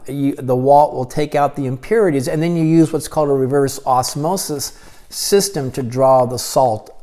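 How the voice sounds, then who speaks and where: A man, a church pastor, giving a recorded video sermon in a steady teaching tone with occasional halting restarts. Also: fairly high pitch.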